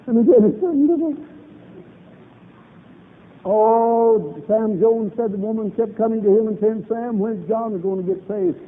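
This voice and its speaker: A man's voice: sits high, a little slow, pauses often. A man preaching a revival sermon, fervent and emphatic, repeating lines for emphasis. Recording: tinny old lo-fi recording.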